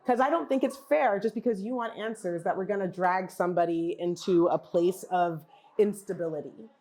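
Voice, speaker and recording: A woman giving a conversational talk at a wellness summit, animated, posing questions to the audience and acting out what other people say. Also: fairly low pitch, moderate pace. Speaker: genealogy practitioner and speaker. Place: summit event.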